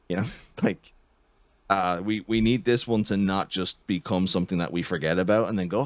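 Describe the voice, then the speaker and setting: A man's voice: low voice, steady tone, normal speed, no echo. A man hosting a casual political chat, talking in a heated, profane, ranting way. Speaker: podcast host.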